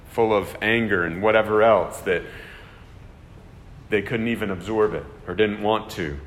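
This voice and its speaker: Earnest preacher in a reverberant hall. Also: male voice, mid-range voice, fairly bright tone. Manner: earnest, emphatic, pleading at times. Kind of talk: sermon.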